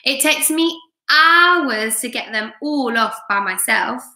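A woman's voice: fairly high pitch, expressive, slow pace, sharp tone, heavily acted. A woman voicing a proud, boastful male centipede. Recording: roomy echo.

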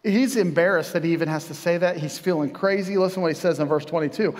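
In a church sanctuary, a male pastor delivers his sermon loosely and conversationally, throwing in jokes and asides. His fairly high, slightly mellow voice moves fast with few pauses, and the sound rings with a church hall's long reverb.

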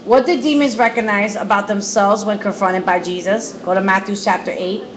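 A woman's voice: medium pitch, fairly even intonation, a little fast, slight background noise, poor audio. A woman leading a Bible study, reading scripture aloud and commenting, repeating words for emphasis, recorded on a phone. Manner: repetitive emphasis.

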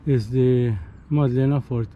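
A man's voice: medium pitch, fairly even intonation, a little slow, lo-fi sound, slight background noise. A man with a Maltese accent, talking casually as he films his hike outdoors, often tagging his phrases with "eh?" and getting tired and short of breath. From Malta. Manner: chatty, ends phrases with "eh?". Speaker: hiker vlogger. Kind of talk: casual walking vlog commentary. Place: outdoors on a hiking trail.

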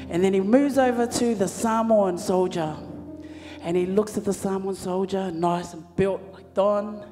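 Lively woman emceeing in a church hall. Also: mid-range voice, moderate pace, soft background music. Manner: lively storyteller with audience banter. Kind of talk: joke-telling and announcements at a church service. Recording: hall reverb, live church sound.

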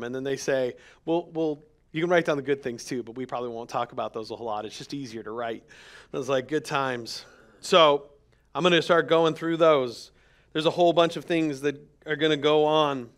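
A man's voice: mid-range voice, fairly bright tone. A man, a pastor, speaking candidly to his congregation in a sermon, telling a personal story with quoted dialogue. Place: church sanctuary.

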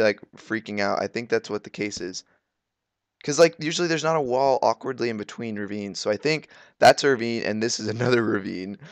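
A teenage boy giving casual, excitable commentary while playing a video game, grumbling and exclaiming at what happens. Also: fairly low pitch, creaky, no room sound. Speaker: gaming video creator.

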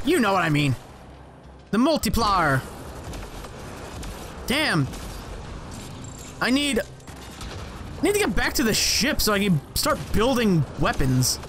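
A young man commentating his gameplay, excitable and sarcastic, swearing and talking back at the game. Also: high-pitched. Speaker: let's play gamer.

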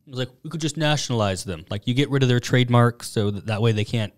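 A man co-hosting a comedy podcast, relaxed, telling the story with filler words and chuckles. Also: medium pitch, fast talker. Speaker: podcast co-host bringing the news story. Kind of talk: casual comedic chat.

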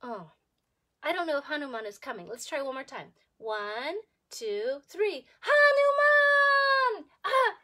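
A woman preschool teacher telling a story to young children, animated and sing-song, asking them questions as she goes. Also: high-pitched, moderate pace. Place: home.

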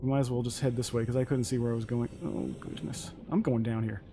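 A man talking casually through a survival game, musing aloud as he plays. His pitch sits in an ordinary middle range, and a faint hiss runs under the recording. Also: flat delivery, fast. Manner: chatty, musing aloud while playing. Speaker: gamer playing on stream. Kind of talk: casual let's-play chat.

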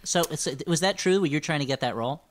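A man co-hosting a comedy podcast, playful and quick to slip into bits. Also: a little high, lively intonation. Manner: playful, bit-prone. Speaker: podcast co-host. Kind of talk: casual comedic chat.

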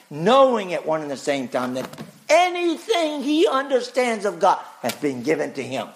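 A male pastor preaching a sermon emphatically, asking rhetorical questions and swinging his pitch widely.

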